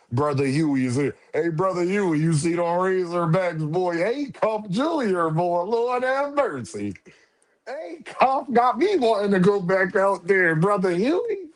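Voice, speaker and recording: A man with a slightly high voice runs a casual livestream and calls out viewers one after another. He talks in lively, slangy, repetitive bursts as he works through the chat. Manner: lively, repetitive shout-outs with slangy banter. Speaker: livestream host.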